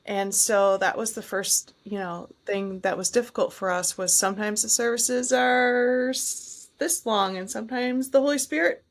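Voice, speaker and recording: A woman's voice: on the high side, steady tone, normal speed. A woman hosting a podcast, chatting casually and reacting to her guest. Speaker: podcast host. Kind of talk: casual chat.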